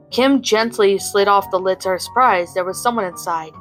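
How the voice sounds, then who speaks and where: A woman's voice: medium pitch, moderate pace, a bit bright, faint music behind, poor audio. Woman reading a fan story aloud. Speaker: story narrator.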